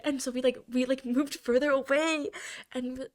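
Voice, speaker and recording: A woman's voice: high voice, fairly even intonation, normal speed. Chatty young woman telling stories. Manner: rambling storyteller, many fillers. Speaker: podcast co-host. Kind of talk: casual chat.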